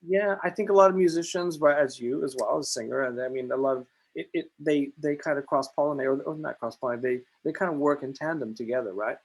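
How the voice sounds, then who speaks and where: Gravelly, husky male host. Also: mid-range voice, fast talker, few pauses, poor audio. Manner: rambling questions with restarts. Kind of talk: casual chat.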